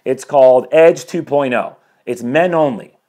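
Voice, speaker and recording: A man in his forties speaking in an ordinary mid-range voice, streaming live from home through a webcam. He talks like a motivational life coach, energetic and preachy, drifting from point to point and stopping to greet viewers as they join. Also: medium pitch, unhurried.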